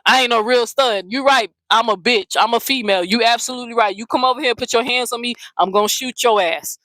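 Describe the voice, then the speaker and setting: A woman with a slightly high voice rants on her own channel, blunt and mocking, swearing freely as she calls people out. The sound is dry and close, with no room echo. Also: fast, fairly bright tone. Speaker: channel host. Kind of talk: confrontational vlog rant.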